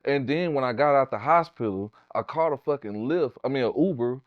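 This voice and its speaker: A middle-aged man from Houston, telling animated, profane stories as an interview guest. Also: medium pitch, fairly quick, no echo, dull audio. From Houston, Texas. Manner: profane, animated, street slang. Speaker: guest, tattoo artist. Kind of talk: casual storytelling interview.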